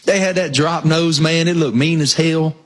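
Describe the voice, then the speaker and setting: A man's voice: fairly high pitch, fairly even intonation, moderate pace, fairly bright tone. Enthusiastic man in casual chat. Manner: enthusiastic, emphatic. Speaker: co-host.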